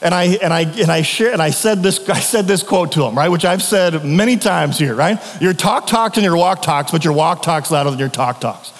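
A man's voice: on the high side, big-room sound. A man preaching a sermon as pastor, telling stories in a loose conversational way with frequent restarts.

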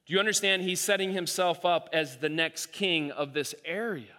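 Preacher, man, high bright voice, animated delivery, big reverberant hall. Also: normal speed. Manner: animated, acts out quoted voices, repeats himself. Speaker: pastor. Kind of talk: sermon.

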